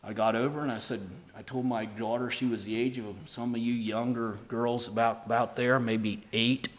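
A man preaching an emphatic sermon and telling a personal story, moving between soft earnest talk and loud, stressed lines. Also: mid-range voice, level tone, moderate pace. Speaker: pastor.

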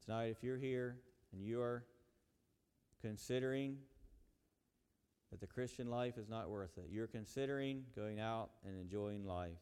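A man's voice: fairly low pitch, unhurried, long pauses, darkish tone, clear, resonant tone. A male preacher delivering a sermon with dramatic storytelling and lament, in a church sanctuary. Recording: reverberant hall.

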